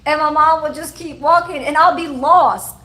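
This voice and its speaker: A woman's voice: high-pitched, normal speed, pushed and bright, rough recording. A woman in her forties chatting casually on a livestream, telling childhood stories with lots of cursing and laughter and talking to her chat. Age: 40s. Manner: profane, laughing storyteller who talks to her chat. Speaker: livestream host.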